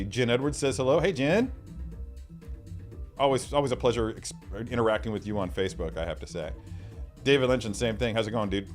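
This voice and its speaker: A man hosting a casual livestream, reading out viewer comments in a chatty way. He often repeats himself and trails off into mumbled asides. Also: mid-range voice. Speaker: livestream host.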